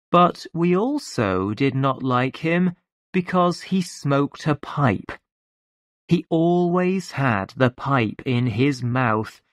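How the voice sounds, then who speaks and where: Very slow lively storybook narrator. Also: mid-range voice, no room sound, clean studio sound. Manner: very slow, clear, lively intonation. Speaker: audiobook narrator. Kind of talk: slow scripted narration for learners.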